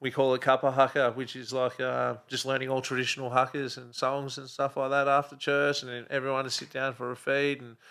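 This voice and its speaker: A man's voice: medium pitch, creaky, a bit bright, clean tone. A middle-aged man with an Australian accent, a podcast guest in casual chat who talks bluntly, swears often and fills his talk with "you know.". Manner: blunt, swears a lot, many fillers.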